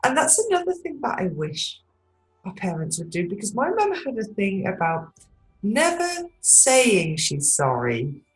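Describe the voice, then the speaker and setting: A woman chats casually and supportively, often murmuring agreement while she listens. Her voice is of medium pitch. The room around her sounds echoey. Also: wildly swooping pitch, measured pace, soft background music. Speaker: podcast co-host. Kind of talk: casual chat.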